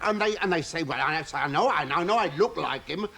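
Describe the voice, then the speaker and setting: A man's voice: fairly high pitch, lively intonation, fast talker, vocal fry, crowd noise. A man playing a nervous, bumbling postman who looks and sounds like a famous comedian, stammering and repeating himself. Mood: indignant. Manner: flustered, stammering, repeats himself, indignant ooh-ing. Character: bumbling nervous middle-aged male postman lookalike. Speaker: lookalike guest in a sketch. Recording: studio audience laughter.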